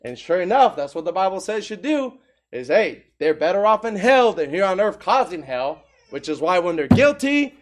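Preacher, man, high voice, emphatic sermon delivery, rhetorical questions. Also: sing-song, moderate pace.

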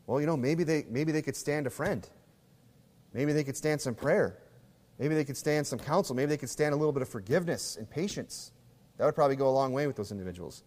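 Guy preaching a sermon, kinda highish voice, chatty, echo off a big church hall. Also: a little mellow. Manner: conversational preaching, plays out little scenes in put-on voices. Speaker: pastor.

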